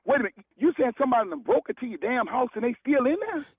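A man's voice: extremely high pitch, very fast, gravelly, husky, no room sound. A man on a phone call, blunt and exasperated, swearing and repeating himself. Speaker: prank call target. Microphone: telephone. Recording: tinny dry phone line.

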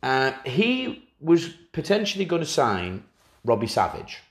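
A man co-hosting a casual football podcast, telling anecdotes with lots of swing in his pitch. His voice sits in an echoey room. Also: a little slow. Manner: lively storyteller, slips into impressions of people. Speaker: podcast co-host.

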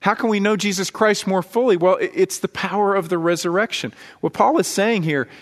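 A man's voice: high voice, brisk. A man preaching a sermon as pastor, earnest and conversational, telling stories to his congregation. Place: church sanctuary. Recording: long hall reverb in a church.

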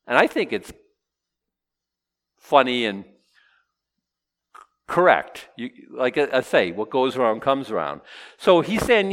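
Lively joking male preacher. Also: mid-range voice, slow pace, pauses often. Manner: lively, joking, voices imagined objectors. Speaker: pastor. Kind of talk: sermon with verse-by-verse teaching.

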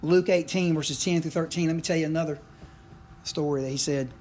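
A man's voice: on the high side, steady tone, brisk, a little mellow. Folksy man preaching a sermon. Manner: folksy, conversational preaching with frequent asides. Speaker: pastor.

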